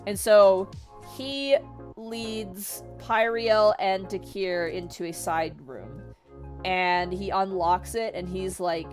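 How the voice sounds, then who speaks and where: A woman vtuber retelling a story in a casual, excitable, slangy way, chatting to her viewers. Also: mid-range voice, slow pace, faint music behind.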